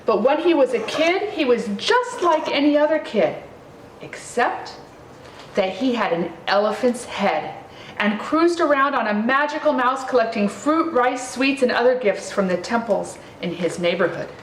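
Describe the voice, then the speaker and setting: A woman reading a children's picture book aloud in a slow, expressive storytelling manner. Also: a little high, a little hiss or hum. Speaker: reader. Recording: roomy, distant mic, faint ambience.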